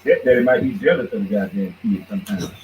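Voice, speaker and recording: A man hosting a podcast, ranting in heated, profane commentary that swings between mocking shouts and low mutters. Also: fast, noisy background. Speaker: podcast host. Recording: dull lo-fi recording.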